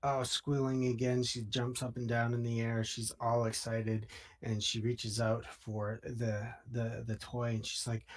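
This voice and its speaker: Man, game master, slow pace, descriptive tabletop narration. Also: mid-range voice, completely flat delivery.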